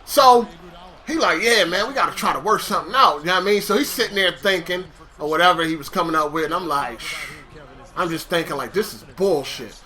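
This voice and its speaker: A young man casually telling a story, animated, swearing and acting out conversations. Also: sits high, a little fast.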